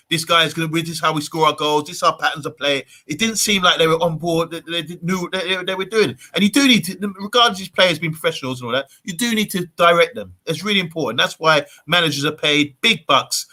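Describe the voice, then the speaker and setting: Hosting a live fan stream, a man reads out viewer comments in a playfully bossy way. His fairly high voice is pushed and bright, and he talks fast with hardly any pauses in this casual chat.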